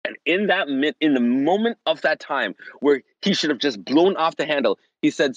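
Male minister in his forties, podcast guest, lively storyteller, fairly high voice. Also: normal speed, no echo, highs cut off. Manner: animated, acts out the voices of others. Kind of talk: personal storytelling in an interview.

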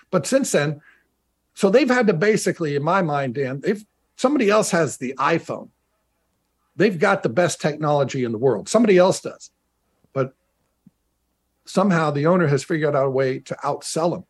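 Middle-aged male ex-athlete broadcaster, husky and a bit high, rambling emphatic anecdotes over a video link. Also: lively intonation, moderate pace, long pauses. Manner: chatty, stumbling restarts, emphatic repetition. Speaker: former pro football player turned team broadcaster. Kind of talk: remote interview, anecdotal storytelling. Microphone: video call.

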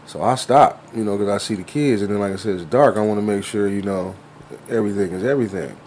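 A middle-aged man, co-hosting a radio show and telling a story in a relaxed, casual way. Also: lowish voice, quick pace, slight background noise. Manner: laid-back, acts out kids' voices in his stories. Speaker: co-host.

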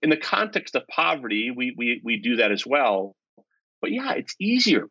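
A husky-voiced man tells an animated story, dropping to near-asides and then jumping up with excited emphasis. The sound is close and dry, with no room around it. The recording itself is slightly dull. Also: medium pitch, moderate pace, no echo. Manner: energetic, swings between hushed asides and excited emphasis. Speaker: author and guest.

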